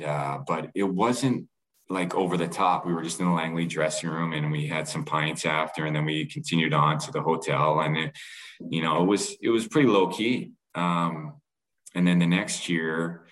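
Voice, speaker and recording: Middle-aged canadian guy, real deep voice, rambling away telling a story on a pod. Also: a bit bright, poor audio. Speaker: former pro lacrosse player, guest. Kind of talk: casual podcast storytelling.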